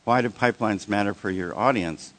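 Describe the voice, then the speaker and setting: A man leading a live workshop, speaking in a conversational, halting way with many restarts and fillers, checking in with his audience. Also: lowish voice, a bit bright. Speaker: workshop presenter.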